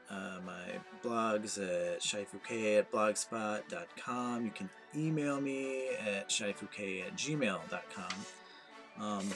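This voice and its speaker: A man ranting in a comedic vlog monologue, anxious, rambling and self-mocking. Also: on the low side. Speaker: vlogger.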